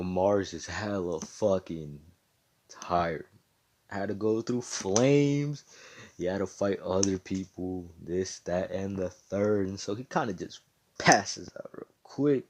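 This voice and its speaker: A man telling a homemade fan story in his own casual way, packed with swearing and "you know"s. His voice sits fairly low. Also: a little mellow. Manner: loose and slangy, full of swearing and fillers.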